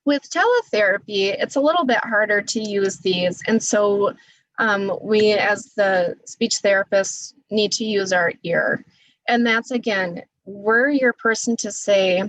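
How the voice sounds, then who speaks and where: A female speech therapist teaches an online webinar with voice exercises, speaking deliberately and encouragingly and demonstrating loud vocal drills. Her medium-pitched voice is a little scratchy from talking, and she says she naturally has a quiet voice. There is no room sound.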